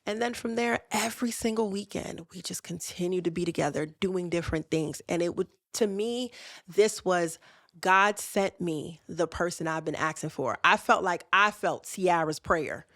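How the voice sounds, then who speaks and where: Gravelly low-voiced woman telling a story. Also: moderate pace, a bit bright, no echo, studio quality. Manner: candid, conversational, addresses listeners directly. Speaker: podcast host. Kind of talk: casual personal storytelling.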